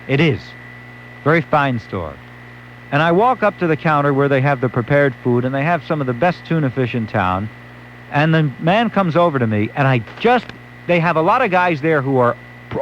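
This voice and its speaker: A man's voice: medium pitch, a little hiss or hum. A male late-night radio host, telling a wry story and acting out quotes. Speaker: radio talk show host. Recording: dull lo-fi AM radio recording.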